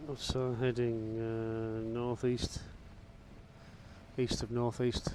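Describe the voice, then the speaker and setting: Give me a man in a mid register giving relaxed, rambling flight-sim commentary. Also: mid-range voice, slow pace, a little hiss or hum. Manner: chatty, rambling, wry asides. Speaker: gamer flying a VR helicopter sim. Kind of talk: casual gameplay commentary.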